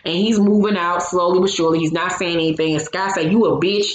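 A woman's voice: on the low side, steady tone, fast talker. A woman giving a casual, blunt and opinionated recap of a reality show, with salty language. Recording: roomy echo, faint background hum.

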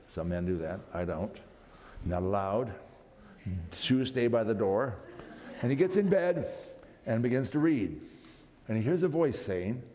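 A man's voice: medium pitch, warm tone. A man speaking at a camp meeting, telling a story dramatically for family worship, often restarting his phrases. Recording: long hall reverb, faint background noise.

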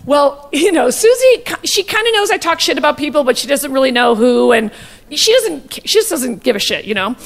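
A woman comedian doing stand-up, telling a gossipy story in a rapid, brash and profane way. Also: high voice, vocal fry, fairly bright tone, in a large hall, a little hiss or hum.

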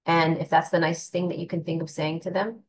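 In a low voice with flat, brisk delivery, a spiritual teacher offers an earnest, reflective talk in a conversational way, repeatedly restarting her sentences. The rough recording has a little hiss or hum.

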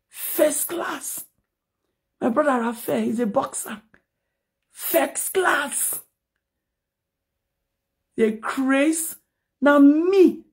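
A woman's voice: a little high, gravelly, darkish tone. A Nigerian-accented mother scolding critics in a heated, confrontational live video rant, mixing English and Pidgin, recorded on a phone. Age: adult mother. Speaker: social media personality.

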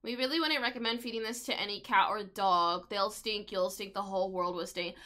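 A woman's voice: medium pitch, fairly quick, hardly any pauses, pushed and bright. A young woman giving casual, chatty commentary while playing a life-simulation game, often talking to the pets on screen. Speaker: gaming video creator.

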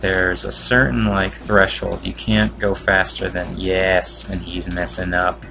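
Gravelly low guy doing lets play commentary, slow and jokey. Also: level tone, over music. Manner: joking, wry asides about the game. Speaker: video game walkthrough commentator. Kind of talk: casual let's-play commentary.

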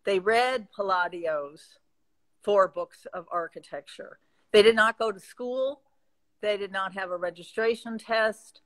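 A woman with a Midwestern accent speaking reflectively as a guest in a live chat, pausing and restarting as she thinks. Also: mid-range voice, a bit bright, low-quality recording. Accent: American Midwestern.

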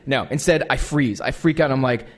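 A man's voice: mid-range voice, moderate pace, slight background noise. A man in his thirties with an American accent, telling a comic, self-deprecating story to a live audience and acting out the dialogue. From United States. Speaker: guest speaker.

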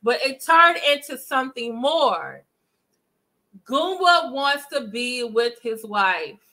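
A woman recaps the gossip for her viewers, chatty and animated. She talks to them directly. Her voice sits high and bright. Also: slow pace. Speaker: commentary vlogger. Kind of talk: casual gossip commentary.

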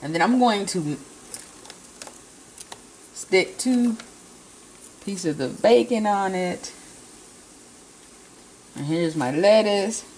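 A woman's voice: medium pitch, lively intonation, extremely slow, long pauses, darkish tone, a little hiss or hum, rough recording. A woman vlogger chatting casually as she assembles a burger in her home kitchen, talking in a homey way. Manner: homey, chatty, talks with mouth full. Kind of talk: casual cooking demonstration.

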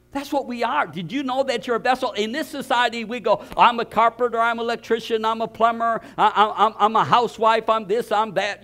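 A man preaching a sermon as pastor, telling a story with animated energy, often repeating words and starting over. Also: high voice.

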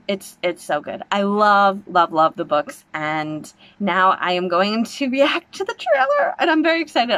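A young woman book vlogger talking to camera in an excited, gushing, breathless way. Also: mid-range voice. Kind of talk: excited casual vlog.

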